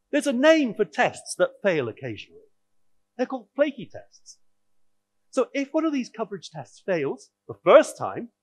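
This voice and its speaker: A man's voice: very high-pitched, husky. A man giving a technical conference talk, explaining in a wry, audience-directed way. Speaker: conference speaker.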